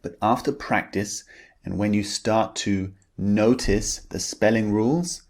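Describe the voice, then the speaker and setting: Man, British English accent, pronunciation lesson, very deep voice, unhurried and deliberate. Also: darkish tone. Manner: deliberate, modeling words for learners to repeat. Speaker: pronunciation teacher.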